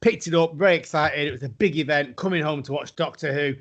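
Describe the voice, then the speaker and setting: A man's voice: on the high side, fast talker, lo-fi sound. A middle-aged man, chatting casually as a podcast co-host and acting out the people he quotes. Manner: animated storyteller, acts out quotes. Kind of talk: casual chat.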